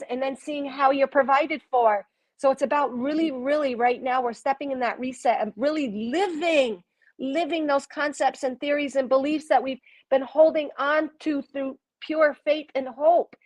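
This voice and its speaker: A woman with a fairly high voice, live-streaming as a spiritual reader and channeler. She talks effusively, exclaiming often and laughing easily. She speaks straight to her viewers in the comments.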